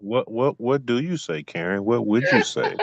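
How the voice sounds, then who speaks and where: A man's voice: mid-range voice, expressive, moderate pace, creaky, dry recording. A man teaching a group on a video call, emphatic and repetitive, talking straight to his listeners. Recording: dull lo-fi video call audio.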